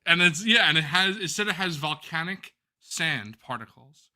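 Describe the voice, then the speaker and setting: Bright-voiced man telling a rambling story. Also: on the high side, moderate pace. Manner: animated, profane storytelling. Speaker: co-host. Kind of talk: casual storytelling on a live stream.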